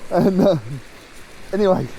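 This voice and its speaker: A man's voice: sits high, fairly even intonation, measured pace, creaky, dark tone, slight background noise. A man fishing from a beach at night, chatting and telling fishing stories. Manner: chatty storyteller, acts out quotes. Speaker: fishing vlogger. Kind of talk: casual chat and anecdotes. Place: seafront beach at night, outdoors. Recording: outdoor mic with crashing surf.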